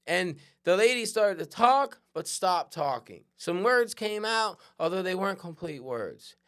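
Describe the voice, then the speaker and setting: A man hosting a podcast, telling a personal story in a conversational, animated way and often checking in with "right?". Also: high-pitched, a little slow, hardly any pauses, clear, resonant tone. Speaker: podcast host. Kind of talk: storytelling monologue.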